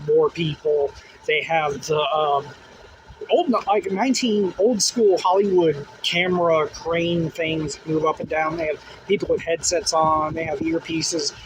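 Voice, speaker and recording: A man tells a dream in a loose, casual way, with plenty of "like" and "uh" fillers. His voice sits a little high for a man. Steady background noise and passing vehicles run behind him. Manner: rambling, full of "like" and "uh" fillers. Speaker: dream testimony teller. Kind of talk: casual first-person storytelling.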